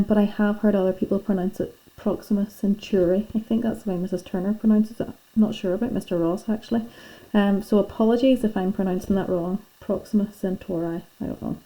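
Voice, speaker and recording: Woman, teacher, very warm dark tone, patient chatty walkthrough of class notes, mid-pitched. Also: low-quality recording. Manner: patient and chatty, talks pupils through filling in notes. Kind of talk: classroom lesson going through worksheet notes.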